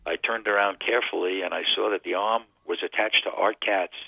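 A man's voice: fairly low pitch, fairly even intonation, fairly quick, creaky, breathy edge, dry recording. A man from Connecticut calling in to a radio show, telling his personal testimony in an earnest storytelling way. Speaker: radio guest. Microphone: phone line. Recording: tinny phone line, dry.

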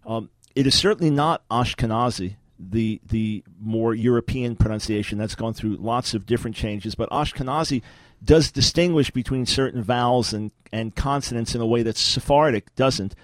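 A man's voice: mid-range voice, normal speed, dry recording. A man hosting a radio talk show, teaching in an emphatic, lecturing way with rhetorical questions, speaking from a radio studio.

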